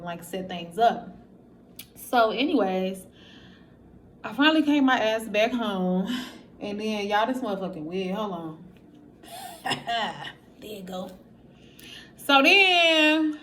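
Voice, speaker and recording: A woman's voice: mid-range voice, a little hiss or hum. A woman telling her personal story straight to her viewers in a candid, profane, casual way, acting out what others said. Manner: animated, acts out quotes of others. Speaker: vlogger.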